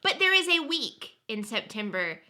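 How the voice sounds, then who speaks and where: Young woman, podcast co-host, very bright tone, lively pitch, upbeat. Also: moderate pace. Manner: upbeat, lists items, laughs easily. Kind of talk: casual chat.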